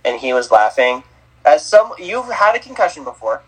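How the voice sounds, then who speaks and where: Husky man teasing his co-host. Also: a little high, very animated, normal speed, low-quality recording. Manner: teasing, wisecracking. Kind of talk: casual sports podcast chat.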